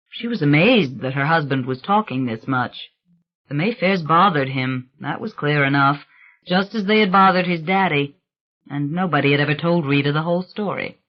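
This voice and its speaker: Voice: medium pitch, lo-fi sound. An audiobook narrator reading a novel aloud in a conversational storytelling manner. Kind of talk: scripted narration.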